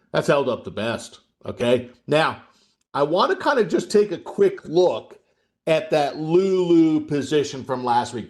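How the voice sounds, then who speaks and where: A man's voice: fairly high pitch, darkish tone. A man coaching a live trading webcast, explaining in a conversational way and often checking in with his audience. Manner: conversational, asks the audience questions and checks in with "okay?".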